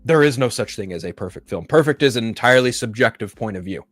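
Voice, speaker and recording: A man's voice: mid-range voice, expressive, fast talker, fairly bright tone, soft background music. A man hosting a pop-culture show, ranting in a profane, exasperated and mocking way. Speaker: podcast host.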